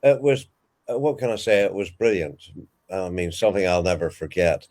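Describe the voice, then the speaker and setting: Deep-voiced older Northern Irish man. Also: moderate pace. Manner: animated, vivid storyteller. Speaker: interviewee, veteran sports commentator. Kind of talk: anecdotal storytelling.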